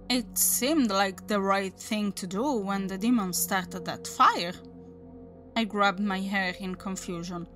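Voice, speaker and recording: A woman reads a horror story aloud in a slow, deliberate rhythm. Her voice is bright and clear, and soft music plays behind her. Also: medium pitch, fairly even intonation. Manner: dramatic reading, voices the characters. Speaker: narrator.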